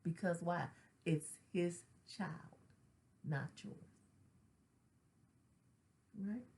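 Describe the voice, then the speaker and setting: Here a grief counselor, a middle-aged woman, shares her own loss at an extremely slow pace, her lowish voice a little mellow. It's an earnest, personal spoken reflection, chatty and slangy, with frequent tag questions such as "right?"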